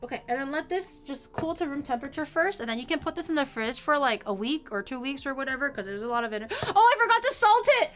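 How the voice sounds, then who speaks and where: A woman's voice: high-pitched, quick pace, hardly any pauses, fairly bright tone. A woman streaming herself cooking in a home kitchen, chatting casually, rambling through explanations and swearing now and then.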